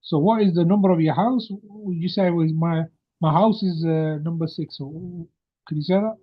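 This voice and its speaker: A man's voice: on the high side, normal speed. A man teaching an Arabic grammar lesson over a video call, patiently quizzing his student. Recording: muffled video-call audio.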